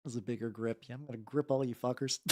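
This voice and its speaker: Warm and steady in tone, this medium-pitched voice belongs to a fast-talking American streamer. While painting miniatures, they chat loosely with their live chat, wandering between topics, cursing freely, and leaving thoughts unfinished.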